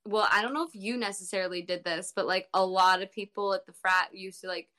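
A woman's voice: mid-range voice, steady tone, fairly quick, sharp tone. A young woman guesting on a podcast, talking hesitantly with lots of fillers and frequent laughs. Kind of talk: casual chat.

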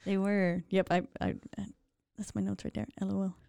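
Woman cohost chatting casual, laughs a lot, swears, warm low-key tone, dry mic. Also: flat delivery, moderate pace, creaky, dry recording. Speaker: podcast co-host. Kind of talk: casual chat.

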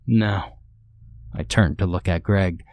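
A man narrates a first-person horror tale in a measured, steady voice. His pitch sits on the low side, and the recording is dry and close with no room sound. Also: no room sound. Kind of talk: scripted horror story narration.

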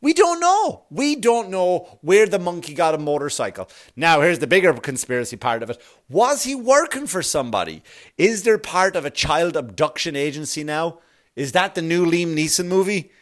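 Middle-aged guy doing stand-up, swears a lot, rambles, bit of a high voice. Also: animated, moderate pace. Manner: rambling, swears a lot, acts out little scenes in put-on voices. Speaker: stand-up comedian. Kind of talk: profane stand-up monologue.

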